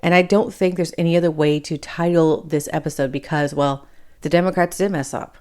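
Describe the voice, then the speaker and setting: Deep-voiced and darkish in tone, this woman talks steadily and a little fast. She's a Michigan podcast host in her forties or fifties with a hint of Appalachian accent, giving blunt, opinionated solo commentary, swearing casually and wandering off topic.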